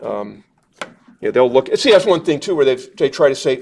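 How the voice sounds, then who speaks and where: A man's voice: medium pitch, sing-song, fast talker, vocal fry, darkish tone. A man teaching a live watercolor demonstration, chatting in a rambling, self-deprecating way with lots of fillers while answering questions from the group. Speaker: watercolor instructor. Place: meeting room at a club gathering.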